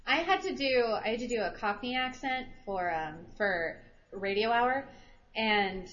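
A woman's voice: fairly high pitch, lively intonation, measured pace, dull audio, background noise. A woman co-hosting a podcast in casual chat, talkative and laughing between phrases. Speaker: podcast co-host.

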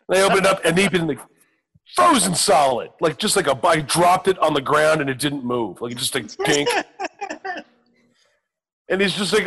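Profane storytelling man, lively and loud. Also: a little high, normal speed, vocal fry, long pauses, husky. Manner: profane, self-mocking, acts out quoted voices. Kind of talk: casual storytelling on a talk show.

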